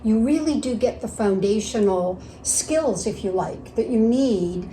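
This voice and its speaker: A woman's voice: medium pitch, animated, measured pace, dark tone, echoey room, a little hiss or hum, low-quality recording. A woman in casual conversation, speaking reflectively and earnestly and often chiming in with agreement.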